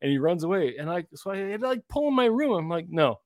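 A man in his forties co-hosting a casual podcast, an animated storyteller who acts out voices and pokes fun at himself. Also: high voice, fast talker, no echo, clean studio sound. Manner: animated, acts out voices in anecdotes, self-deprecating. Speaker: podcast co-host, middle school teacher.

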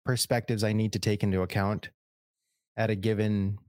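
A man co-hosting a podcast in casual chat, thoughtful and a little halting. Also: lowish voice, little pitch movement, darkish tone, no echo, clean studio sound. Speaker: podcast co-host.

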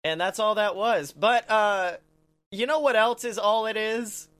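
High bright dude cohosting a podcast, jokey, laughs loud a lot. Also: male voice, unhurried. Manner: laughs loudly, jokey ad reads. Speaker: podcast co-host. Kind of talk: casual chat.

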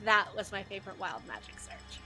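A woman game master narrating a tabletop game in animated, filler-heavy casual speech. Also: mid-range voice, brisk.

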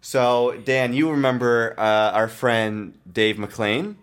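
A man's voice: medium pitch, fairly even intonation, takes it slowly. A man in his thirties hosting a podcast, telling rambling, self-mocking stories in casual chat. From Canada. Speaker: podcast host.

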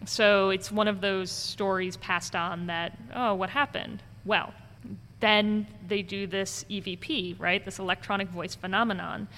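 A woman's voice: mid-range voice, a little slow. A woman who gives ghost tours, telling stories in conversation and acting out the voices of the people in them. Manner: animated storyteller acting out quoted voices. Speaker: ghost tour guide. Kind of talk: conversational storytelling interview. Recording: long reverb with faint background noise.

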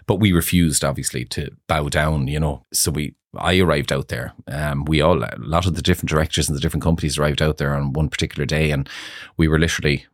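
Man, middle-aged guest, very low voice, dry close sound, chatty storyteller who laughs a lot. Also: steady tone, fast talker, few pauses, dry recording. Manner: chatty, laughs often, many fillers like "you know". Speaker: salon owner, guest. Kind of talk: casual interview storytelling.

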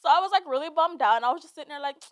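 A young woman with a slightly high voice hosts her own podcast in a loose, unscripted monologue. She swears freely and slips between laughter and tears as she talks. The recording is close and dry, with almost no room sound. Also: expressive, rapid-fire, dry recording. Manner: candid, profane, laughing and emotional. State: teary, laughing through tears. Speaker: podcast host. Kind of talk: casual monologue.

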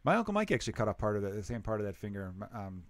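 A man from the Chicago area hosts a casual podcast chat, talking fast and rambling through jokes and asides. His voice is close and dry, with no room sound around it. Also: lowish voice, very animated, no room sound. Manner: joking, rambling, quick asides. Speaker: podcast host.

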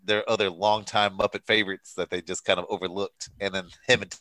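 A man co-hosting a casual movie chat, talking in halting starts while he searches for names. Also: on the low side, flat delivery, bright, forceful tone. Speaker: podcast co-host.

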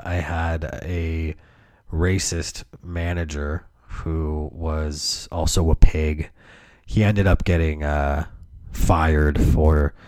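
In a dry, studio-quality recording, a podcast host with a very deep, darkish voice tells rambling, profane stories on his own show, relaxed and comedic in a casual way.

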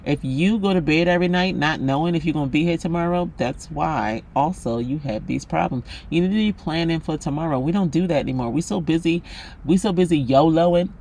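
Brisk and fairly high-pitched with a darkish tone, a male podcast host delivers a solo monologue that's blunt, profane, and passionate, addressing the listener directly with emphasis. Slight hiss or hum is audible.

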